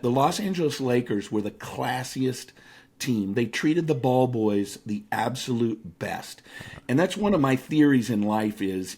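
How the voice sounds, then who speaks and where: Fifties male guest, lively storyteller, casual and conversational, sprinkles fillers. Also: medium pitch. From Seattle area, United States. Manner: animated, anecdotal, frequent fillers. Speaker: guest, speaker and author.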